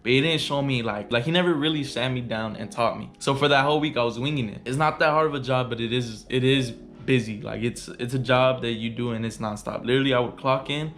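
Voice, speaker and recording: A man's voice: medium pitch, fast, few pauses, fairly bright tone, soft background music. A young man vlogging a heated, profane storytime rant in casual slang.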